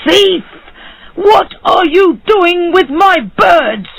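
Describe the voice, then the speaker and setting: A storyteller voicing a frightened old man who sells birds, shouting at a thief and then pleading with a judge. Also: high-pitched, lively intonation, slow, full character voice. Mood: angry shouting. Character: frightened old male bird seller.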